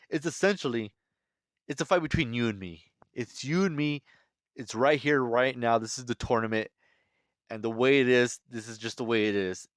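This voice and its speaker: A man's voice: mid-range voice, normal speed, dry recording. Chatty man breaking down a manga chapter. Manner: chatty, enthusiastic, frequent fillers and restarts. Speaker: manga commentator. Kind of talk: casual chapter breakdown commentary.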